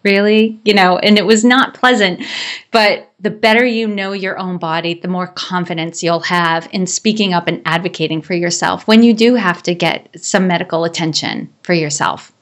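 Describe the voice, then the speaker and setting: A woman's voice: on the low side, fairly even intonation, normal speed, fairly bright tone. A woman hosting an interview podcast, asking questions in an encouraging, conversational way. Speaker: podcast host.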